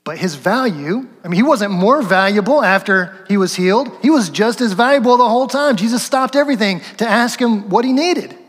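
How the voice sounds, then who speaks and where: A man's voice: high-pitched, expressive, fairly quick, few pauses, slightly rough, long reverb tail. A male pastor giving a sermon in a conversational way, acting out quotes and asking rhetorical questions. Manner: conversational, acts out quotes, chuckles, rhetorical asides.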